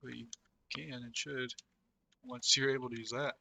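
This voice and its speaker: A man's voice: medium pitch, flat delivery, normal speed, gravelly, bright, forceful tone. A young man streaming a game, chatting casually with slang and frequent laughs. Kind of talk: casual gameplay chat.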